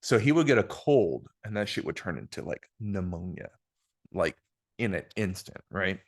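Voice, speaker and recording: A man with a low, gravelly voice talks through a personal story on a podcast. He speaks casually and frankly, with plenty of filler words and swearing. He is recorded on one shared mic in a room with his guest. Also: animated, normal speed. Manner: frank, profane, filler-heavy retelling. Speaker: podcast host. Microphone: single shared microphone.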